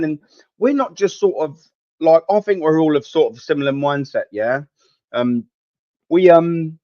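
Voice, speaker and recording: This young man's voice is fairly high-pitched yet darkish in tone as he hosts a live football watchalong. He rants at his chat in an exasperated, swear-filled, wandering way, recorded on a dull, lo-fi, dry home mic.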